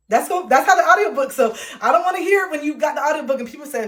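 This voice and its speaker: A woman's voice: high-pitched, expressive. A woman livestreaming, chatting casually with her viewers and reading passages aloud from her own self-help book, playful and sassy. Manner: playful and sassy, with frequent laughter and drawn-out self-talk.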